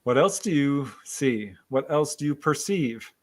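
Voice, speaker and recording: A man leading a hypnosis session, asking calm, gently prompting questions. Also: medium pitch, measured pace. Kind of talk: replaying a hypnosis session recording.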